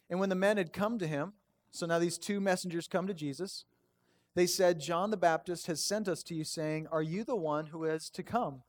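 A man pastor giving a conversational, animated sermon and reading scripture aloud. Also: on the high side.

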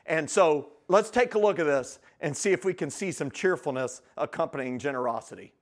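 A man delivers a church sermon with a notably high-pitched voice. His preaching is energetic and emphatic, pressing each point hard and building excitement as he goes. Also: brisk. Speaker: guest preacher.

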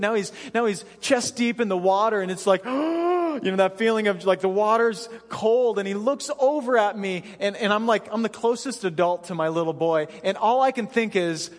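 A man pastor with a high voice preaches from a church stage, his words trailing into the long reverb of a large hall. He tells self-deprecating stories from his own life, animated and often laughing, in his thirties. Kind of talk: sermon.

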